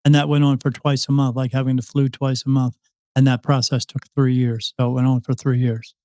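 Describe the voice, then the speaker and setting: A man's voice: mid-range voice, level tone, brisk, mellow, no echo. Rambling man telling a story, dry sound. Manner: rambling, with many restarts and quoted dialogue. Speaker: psychic medium guest. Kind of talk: casual interview storytelling.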